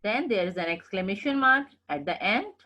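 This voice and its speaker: A woman's voice: medium pitch, expressive, normal speed, sharp tone, dull audio. A woman giving a recorded English grammar lecture, explaining patiently and repeating points, often checking in with "okay?". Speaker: English teacher.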